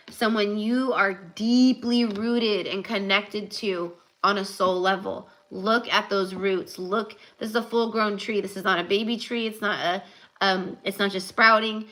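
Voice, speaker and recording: A young woman with a bright, forceful voice talks through a live tarot reading. She rambles casually, full of "like" and "um", then slows right down to press a spiritual point home. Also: medium pitch, poor audio. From California. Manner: chatty, rambling, many fillers and "like". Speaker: tarot reader.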